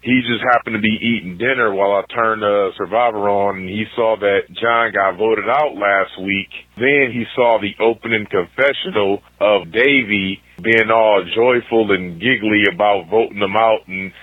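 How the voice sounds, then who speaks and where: A man's voice: on the low side, steady tone, normal speed, no echo. A man calling in to a podcast, chatting in a rambling, enthusiastic way over a phone line. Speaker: caller. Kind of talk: casual voicemail recap. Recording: tinny phone line, dry.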